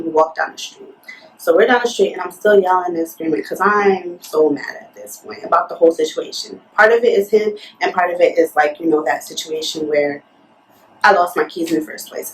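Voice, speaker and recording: Young woman vlogger, indignant storytime retelling, echoey room, mic a bit far off. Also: lowish voice. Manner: fired-up, indignant, talks with lots of "like". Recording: roomy echo, mic at a distance.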